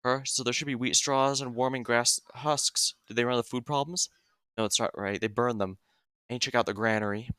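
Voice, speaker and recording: A man's voice: medium pitch, steady tone, fairly quick, bright, forceful tone, clear, resonant tone, dry recording, lightly acted. A man voicing a guarded young woman investigator, reading a game story aloud in a brooding, suspicious way. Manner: brooding, suspicious, then accusing.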